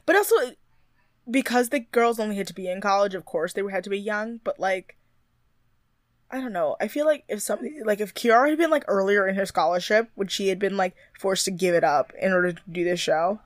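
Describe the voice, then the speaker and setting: A young woman co-hosting a podcast, chatting casually and quick to laugh while recapping a reality show. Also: mid-range voice, no room sound, studio quality. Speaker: podcast co-host.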